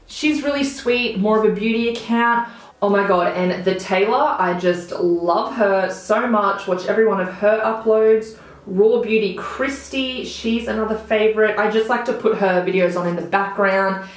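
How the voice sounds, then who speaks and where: A woman's voice: mid-range voice, moderate pace. Bubbly woman in an echoey room. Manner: bubbly, gushing, drops to mumbles at ends of phrases; talks while doing her makeup. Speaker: beauty vlogger. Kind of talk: casual chat to camera.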